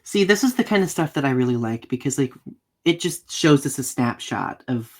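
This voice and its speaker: A man's voice: mid-range voice, animated, moderate pace. A man co-hosting a casual podcast chat, enthusiastic and full of questions. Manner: enthusiastic, asks many questions. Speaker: podcast co-host. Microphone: home setup on a live video podcast.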